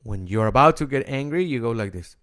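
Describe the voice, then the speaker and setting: In an expressive, slightly bright voice of medium pitch, a middle-aged rabbi and cantor with an Argentine Spanish accent teaches informally. He keeps pausing, repeating words as he starts over.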